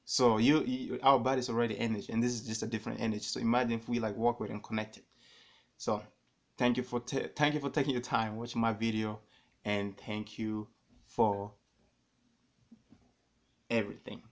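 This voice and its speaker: Rambling, animated man telling a story. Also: mid-range voice, fast talker. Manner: animated, rambling, repeats himself. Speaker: vlogger. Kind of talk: casual storytelling to camera.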